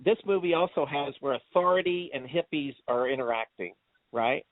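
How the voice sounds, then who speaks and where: A man co-hosting a movie review chat, laughing often as he retells scenes with excitement. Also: on the high side, moderate pace, no room sound. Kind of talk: casual chat. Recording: tinny phone-like dry sound.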